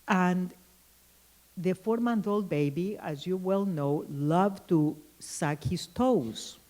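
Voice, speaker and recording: A woman giving a conference keynote lecture, telling anecdotes in a thoughtful way with frequent pauses and restarts. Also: fairly low pitch, dark tone, low-quality recording. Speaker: keynote speaker.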